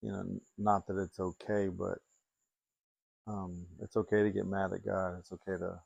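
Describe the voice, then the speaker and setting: A man co-hosting a podcast, speaking in a low-key, halting way with many fillers. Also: level tone, vocal fry, a little mellow, no room sound, lo-fi sound. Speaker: podcast co-host, fighter. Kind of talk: casual chat.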